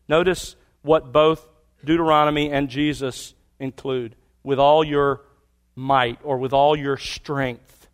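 Pastor, male, fairly high-pitched, emphatic sermon delivery with hushed drops. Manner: emphatic preaching, repeats key words, drops to quiet asides.

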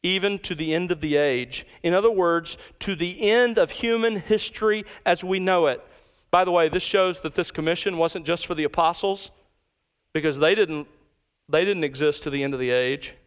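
High-voiced man preaching a sermon. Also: clean tone. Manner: emphatic expository preaching, slows to stress key words. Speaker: pastor.

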